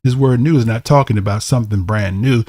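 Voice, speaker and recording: A man's voice: medium pitch, fast talker, mellow, no echo, studio quality. A man teaching a bible lesson, reading verses aloud and explaining them, often asking "right?" to check in with listeners.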